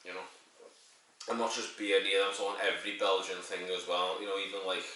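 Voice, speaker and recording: A man's voice: low voice, flat delivery, a little fast, bright, forceful tone. A man reviewing a beer in a rambling, crude and jokey way, swearing as he goes. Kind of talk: casual sweary review monologue. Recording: very echoey room, mic at a distance.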